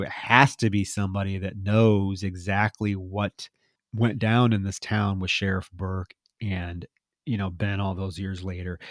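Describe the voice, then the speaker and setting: A man with a fairly low voice recaps a horror movie on a podcast, chatty and animated, and he slips into quick impressions of the characters. The sound is dry and close, with no room around it. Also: no echo. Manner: animated retelling, quoting characters. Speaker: podcast co-host. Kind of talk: casual film recap chat.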